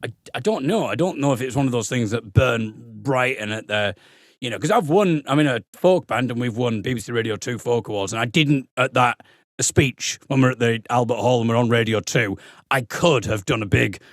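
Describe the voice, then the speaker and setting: A man from Middlesbrough, a comedian telling a funny story as a podcast guest, animated and self-mocking. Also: mid-range voice, brisk, no echo, studio quality. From Middlesbrough, England. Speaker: comedian and folk singer, guest.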